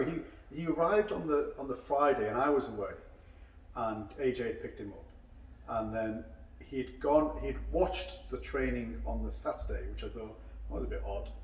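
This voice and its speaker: A man hosts a relaxed chat over drinks and winds through long stories, voicing the people in them as he goes. His voice sits in the middle of the male range. It echoes around the room and sounds set back from the mic. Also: mid-range voice, distant mic. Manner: long rambling anecdotes, acting out quoted dialogue. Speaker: karate instructor and podcast host. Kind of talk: casual chat over a beer.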